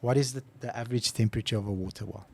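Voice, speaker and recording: A man's voice: medium pitch, rapid-fire, gravelly, darkish tone, slightly rough. A man co-hosting a casual podcast who tells stories with animation and acts out his phone calls. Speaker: podcast co-host. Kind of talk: casual chat.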